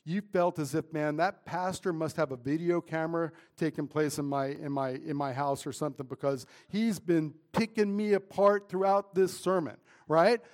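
Middle-aged man, pastor, conversational sermon, slightly high voice. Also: steady tone, moderate pace, few pauses. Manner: conversational preaching with frequent "man" and "right?".

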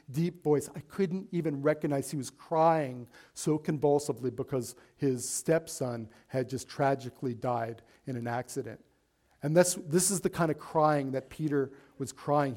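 A man's voice: on the high side, a little mellow. Man preaching a sermon. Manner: preaching, reading scripture aloud and calling for congregation responses. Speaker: pastor. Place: church sanctuary.

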